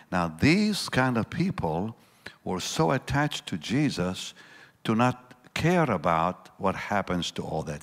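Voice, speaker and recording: A man preaching a sermon, swinging between loud bursts and hushed lines and acting out the voices in his story. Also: deep voice. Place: large church hall. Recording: long church reverb.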